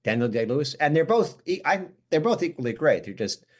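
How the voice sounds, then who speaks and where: Animated man telling stories. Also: a little high, brisk. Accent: American. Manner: animated, self-deprecating storyteller who acts out quotes. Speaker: actor and podcast guest. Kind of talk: casual interview chat.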